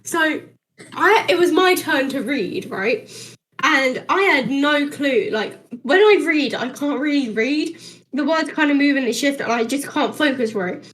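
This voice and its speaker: A woman's voice: high-pitched, unhurried. A teenage girl telling a school story on a casual podcast, acting out the dialogue and laughing as she goes. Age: teens. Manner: animated, acts out the dialogue, laughs through the story. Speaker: podcast co-host.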